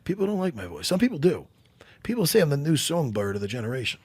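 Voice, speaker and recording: High raspy man, joking chat, very animated, dry close mic. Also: fast talker, dry recording. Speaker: co-host and fight analyst. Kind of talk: casual chat.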